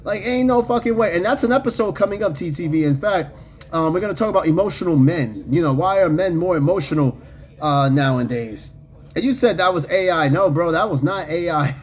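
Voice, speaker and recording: A podcast host with a slightly high, expressive voice speaks briskly, reading out comments from his live chat. His talk is loose, slangy and profane, sprinkled with fillers and laughter.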